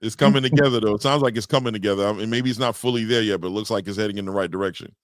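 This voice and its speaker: A man hosts a loose boxing chat, repeating himself and shouting out listeners as they join. His voice sits on the low side. The sound is dry and close. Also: rapid-fire, no echo. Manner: loose, repetitive, hypes guests with shout-outs. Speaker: podcast host. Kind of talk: casual boxing talk.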